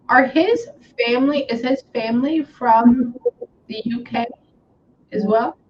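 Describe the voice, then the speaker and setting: A woman's voice: a little high, big pitch swings, measured pace, muffled recording, a little hiss or hum. A woman working as a psychic medium, chatting casually and saying "hang on" often while she passes on messages. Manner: chatty, repeats "hang on", relays quotes. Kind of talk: casual reading session.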